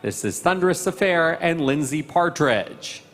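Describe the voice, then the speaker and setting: A man's voice: fairly high pitch, expressive, measured pace, fairly bright tone, soft background music. A man announcing award winners at a live horse event, formal and ceremonial with light jokes. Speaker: arena announcer. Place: large covered horse arena. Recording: long echo of a large covered arena.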